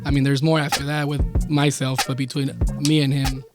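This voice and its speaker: A man telling a personal story in a relaxed chat, acting out the lines of the people in it. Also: medium pitch, moderate pace, loud music behind the voice. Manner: animated storyteller acting out quoted dialogue. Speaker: podcast guest. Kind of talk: casual storytelling.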